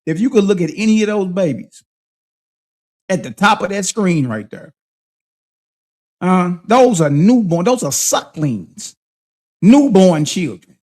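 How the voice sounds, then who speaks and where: Fiery high-voiced man ranting on stream. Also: lively intonation, measured pace, long pauses, a little mellow. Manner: confrontational, preachy, heavy slang. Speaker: livestream host. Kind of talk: heated livestream commentary.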